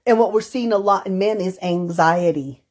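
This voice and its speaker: In a mid-range, somewhat dark voice at a moderate pace, a woman who works as a counselor co-hosts a relaxed podcast conversation. She shares anecdotes, dramatizing short lines from her clients as she talks.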